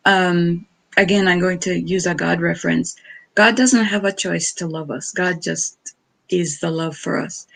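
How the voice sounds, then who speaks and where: A woman's voice: lowish voice, creaky. A woman storyteller speaking as a guest in a casual chat, effusive and spiritual, with earnest pleading.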